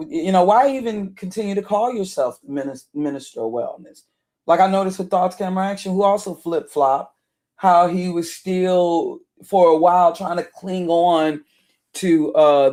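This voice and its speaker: Hoarse deep-voiced woman chatting on stream. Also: a little mellow. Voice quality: deep alto voice. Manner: chatty and rambling, greets viewers by name. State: hoarse, voice wearing out. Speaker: live streamer. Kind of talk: casual live-stream commentary.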